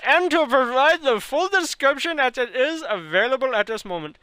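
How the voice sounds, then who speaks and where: A man's voice: animated, moderate pace, sharp tone, clean tone, dry recording, heavily acted. A man putting on a pompous mock-Indian newsreader. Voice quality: exaggerated, sing-song pitch. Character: man reading a newspaper notice aloud, pompous.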